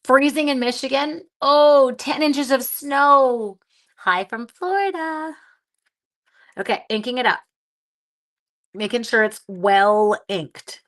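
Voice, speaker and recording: A woman with a high, slightly bright voice demonstrates card-making on a livestream, talking slowly with long pauses. She chats casually, greets viewers, answers their comments, and often half talks to herself while working.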